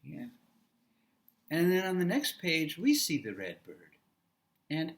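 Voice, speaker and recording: A man training future teachers, giving a classroom lecture and demonstrating how to read aloud to children with a coaching manner. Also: on the high side. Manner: slow, animated, coaching tone with vocal demos.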